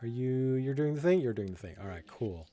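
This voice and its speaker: A man's voice: medium pitch, expressive, fairly quick, dark tone. A man, a community manager, chatting casually on a game stream and teasing his co-host with spelling quizzes.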